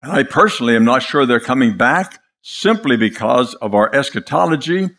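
An older man preaching a sermon, impassioned and dramatic, telling stories with pauses for effect. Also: medium pitch, expressive, fairly bright tone.

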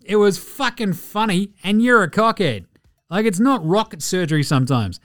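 An Australian man hosting a casual sports podcast, excitable and mocking, swearing freely as he rants. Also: high-pitched, normal speed, no echo, clean studio sound. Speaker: podcast host.

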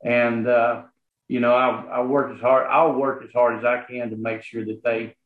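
A man from Arkansas with a Southern accent, a property association manager, is a guest in a casual interview. His mid-range voice moves little in pitch at a moderate pace, and he speaks earnestly, often stopping, restarting and using many fillers. The sound is roomy and phone-like.

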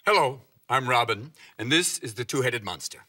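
A man's voice: mid-range voice, lively intonation, moderate pace, over loud music. A man hosting a children's TV segment, explaining patiently and with animation. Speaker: host. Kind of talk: children's TV presenting.

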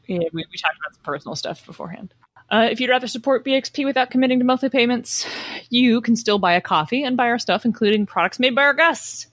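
A woman's voice: fairly high pitch, lively intonation, fast, fairly bright tone, dry recording. A young adult woman co-hosting a podcast, dry and wry, chatting and reading sponsor spots. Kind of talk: casual podcast chat and ad reads.

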